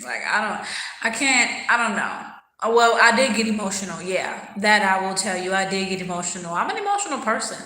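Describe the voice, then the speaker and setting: A woman with a mid-range voice that sounds pushed and bright hosts a casual livestream on reverberant, poor-quality audio. She eats while answering viewers' comments, speaking candidly and thoughtfully.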